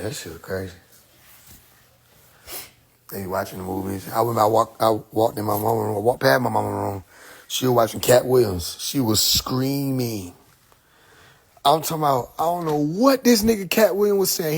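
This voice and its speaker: A man's voice: medium pitch, a little fast, gravelly, slightly rough. A young man telling a funny story from his childhood in a casual monologue, laughing often and swearing freely. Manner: animated, laughing, profane. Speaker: streamer.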